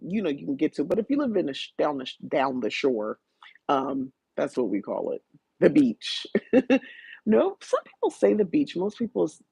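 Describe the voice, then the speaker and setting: Woman, podcast host, rambling book review chat, fry in the voice. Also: deep voice, dark tone, dry recording. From South New Jersey, USA. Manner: chatty, rambling, frequent restarts and fillers; greets live viewers by name.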